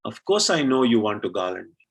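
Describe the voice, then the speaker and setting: A man voicing the god Krishna, calm and gentle, within a story told at a temple. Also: on the low side, a little fast, vocal fry, husky, exaggerated voice, rough recording.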